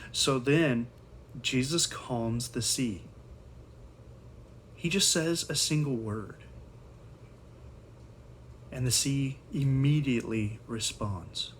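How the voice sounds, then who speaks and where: A man's voice: medium pitch, takes it slowly, pauses often, a little hiss or hum. Casual, slangy male Sunday school teacher. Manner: conversational, slangy, animated retelling. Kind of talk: casual Bible storytelling lesson.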